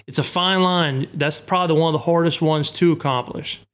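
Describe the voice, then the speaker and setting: A man's voice: on the high side, steady tone, a little fast, a bit bright. A man in casual talk, patiently explaining duck-call technique step by step. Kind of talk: casual instructional chat.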